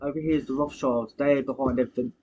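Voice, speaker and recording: A young man pushes his ideas in a husky, mid-pitched voice, insistent and swearing as he goes. The sound is muffled and lo-fi, and his delivery is conspiratorial. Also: fairly even intonation, quick pace, a little mellow. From United Kingdom. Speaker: podcast co-host. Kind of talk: casual chat.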